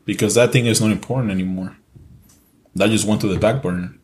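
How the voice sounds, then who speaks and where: Mexican-accented guy, low voice, earnest podcast chat, swears a lot and repeats himself. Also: steady tone, fast, a little mellow, slight background noise. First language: Spanish. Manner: earnest, repetitive, swears casually. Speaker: podcast co-host.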